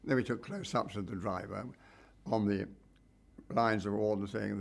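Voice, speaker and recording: A man's voice: fairly low pitch, a little fast, creaky, husky. An older man telling a rambling anecdote about a documentary shoot, with wry asides. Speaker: documentary cameraman recalling a shoot. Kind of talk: anecdotal reminiscence.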